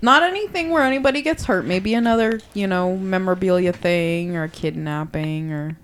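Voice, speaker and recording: A woman's voice: fairly low pitch, moderate pace. A woman co-hosting a casual podcast chat, blunt and playful, swearing freely.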